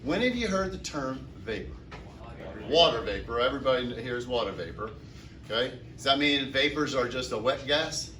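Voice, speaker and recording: A man's voice: mid-range voice, expressive, moderate pace, bright, forceful tone, slight background noise. A man teaching chemistry to a classroom, asking the class questions and answering them himself. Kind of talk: classroom lecture. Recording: echoey classroom from far off.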